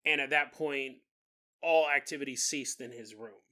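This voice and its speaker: A man's voice: mid-range voice, normal speed, pushed and bright. A man hosting a paranormal podcast, retelling a ghost story in a casual, jokey way and mimicking the people in it. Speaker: podcast host.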